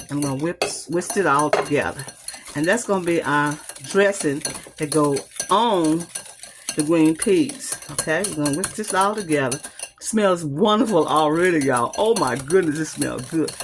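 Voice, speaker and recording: A woman hosting a home cooking video, demonstrating a recipe in a chatty, homey way and calling her viewers y'all. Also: sits low. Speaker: home cooking channel host. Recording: noisy kitchen with clattering utensils. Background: whisking, dishes and cutlery clinks.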